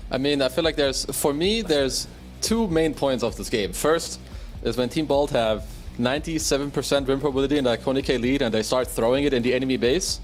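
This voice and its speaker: A man giving esports analysis on a panel, measured and searching for words. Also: medium pitch, faint music behind.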